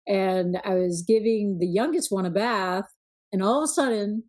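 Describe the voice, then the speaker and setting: A middle-aged woman hosting a podcast, telling relaxed, self-mocking stories in casual chat. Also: mid-range voice, normal speed. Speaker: podcast host.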